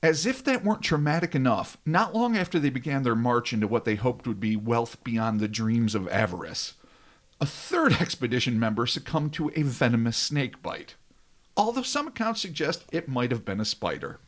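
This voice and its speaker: A man's voice: medium pitch, very animated, moderate pace. A man hosting a casual podcast, reading a dramatic script aloud and breaking off into joking asides. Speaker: podcast host.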